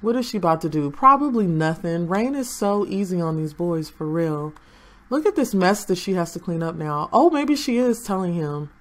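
Chatty woman with a low voice, gameplay commentary. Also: expressive, moderate pace. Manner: chatty, talks to the game characters. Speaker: gaming channel host.

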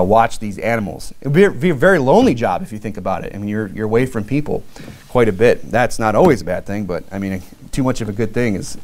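A man's voice: medium pitch, a little mellow. Conversational male pastor preaching. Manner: conversational preaching with many fillers and restarts. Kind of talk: sermon.

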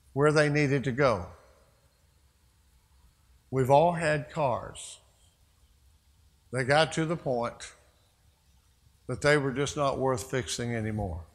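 Pastor guy preaching, chatty storytelling, asides, echoey church. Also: medium pitch. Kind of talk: sermon. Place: church sanctuary. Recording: long church reverb.

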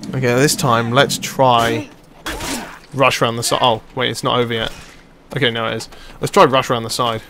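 A young man giving live commentary over his own gameplay, chatty and excitable, swearing and shouting at the players on screen. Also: medium pitch, moderate pace, long pauses, slight background noise. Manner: excitable, swears and yells at the game. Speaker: let's play commentator.

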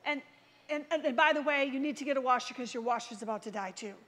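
Woman preacher, high voice, lively storyteller who plays out the dialogue, church sermon. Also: fast talker. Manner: animated storytelling, acts out quoted voices.

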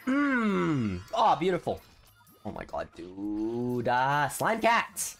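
Young male game streamer, lively pitch, grumbles then yelps, faint music behind. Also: slow pace. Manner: excitable, swings from grumbling to shouting. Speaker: gaming video host. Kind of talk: casual gameplay commentary.

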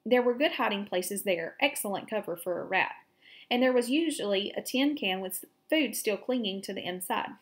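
A woman teacher reading a children's chapter book aloud to her class, steady and clear. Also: mid-range voice, moderate pace.

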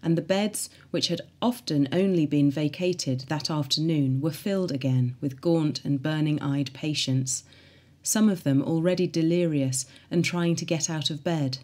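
Woman reading a diary, mellow voice. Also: low voice, moderate pace.

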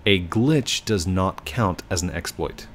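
A man's voice: low-pitched, a little slow, a little hiss or hum. A man doing casual gameplay commentary, apologetic yet firm as he lectures players about rule breaking. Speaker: gaming YouTuber.

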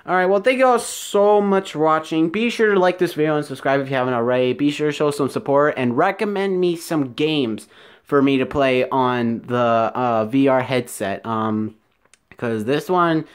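A man's voice: fairly high pitch, moderate pace, clean tone. A man giving let's-play commentary, jumpy and panicky, repeating himself and talking straight to his viewers. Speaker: gaming video creator.

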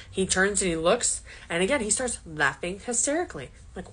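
Young woman, casual self-mocking storyteller, slightly low voice. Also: lively intonation, brisk, few pauses, fairly bright tone, husky. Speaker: vlogger telling a story.

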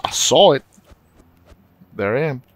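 Excitable, cussing young man gaming. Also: mid-range voice, unhurried, a little hiss or hum. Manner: excitable and profane, swings into loud yelps. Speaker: gameplay commentator. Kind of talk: let's-play commentary.

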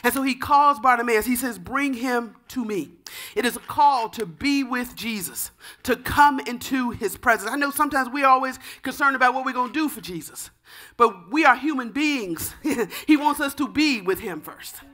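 Woman preacher, high bright voice, fervent sermon with shouted calls. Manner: softer, measured teaching tone. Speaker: pastor.

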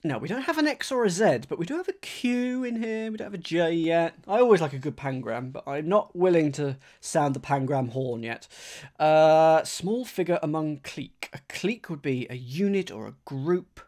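A man streaming live, talking casually to his viewers as he works through crossword clues, thinking aloud and rereading each clue slowly. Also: fairly high pitch, animated, a little mellow.

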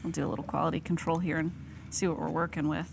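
A woman's voice: low voice, level tone, quick pace, creaky, background noise. A woman hosting a live morning TV show in a studio kitchen, friendly and encouraging.

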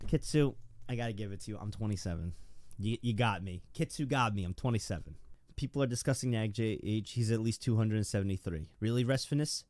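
A man in his twenties, a streamer in casual livestream chat, animated and prone to loud excited outbursts. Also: on the low side, no room sound, studio quality. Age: 20s.

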